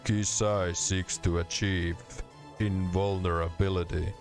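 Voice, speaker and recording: A man voicing a stern, ponderous stone-like warrior monk who speaks very slowly and refers to himself by name. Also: deep voice, level tone, over music. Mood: solemn.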